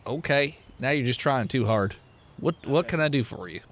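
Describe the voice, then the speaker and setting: A man's voice: mid-range voice, lively intonation, moderate pace, fairly bright tone. A man playing a blunt, suspicious rural Texan man with a folksy drawl in a tabletop game. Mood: gossipy.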